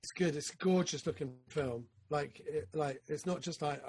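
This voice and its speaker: A man co-hosting a podcast, chatting casually about films, excitable and rambling with lots of fillers. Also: on the high side, moderate pace, hardly any pauses, husky. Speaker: podcast co-host. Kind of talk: casual film chat.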